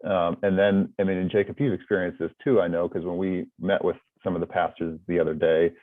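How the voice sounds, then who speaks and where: A man's voice: deep voice, level tone, brisk, no echo. A man from North America, a podcast guest, talking in a hesitant way with many restarts and fillers. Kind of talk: casual interview talk. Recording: tinny phone-like line.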